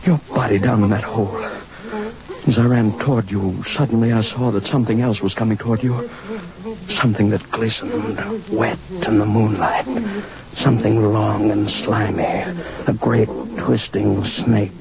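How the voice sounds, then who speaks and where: A haunted, guilt-ridden scientist. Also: male voice, on the low side, steady tone, moderate pace, gravelly, over a noisy crowd. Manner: tense, breathless, rising to anguished shouting. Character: haunted middle-aged male gardener-scientist, guilt-ridden. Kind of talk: 1950s radio drama acting. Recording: hissy dull old radio recording.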